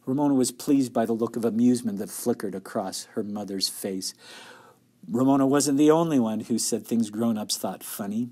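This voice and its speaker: A man's voice: medium pitch, normal speed, warm tone. A man reading a children's novel aloud, stopping for friendly asides to young listeners. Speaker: storybook reader.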